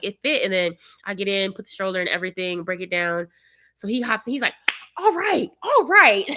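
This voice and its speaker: A young vlogger and mother of young kids tells a long story to her livestream viewers in casual chat, her bright, forceful voice medium in pitch and sounding tired and a bit congested. She's an animated storyteller who plays the people she quotes, with sudden loud outbursts.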